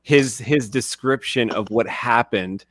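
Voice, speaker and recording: A man's voice: medium pitch, takes it slowly, fairly bright tone, no echo. A man in a casual chat, retelling things in a loose, rambling way full of fillers.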